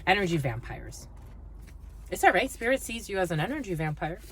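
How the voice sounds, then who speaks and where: A woman's voice: medium pitch, expressive, a little fast, slight background noise. A woman giving a blunt, profane tarot reading to her viewers, scolding and swearing freely. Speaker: tarot reader. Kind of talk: spiritual reading monologue.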